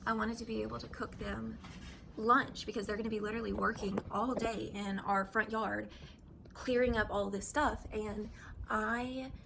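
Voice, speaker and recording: A woman talking in a casual home vlog, close to tears and gushing with gratitude, with halting restarts. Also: mid-range voice, fairly even intonation, creaky, background noise. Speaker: vlogger and wife. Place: home kitchen.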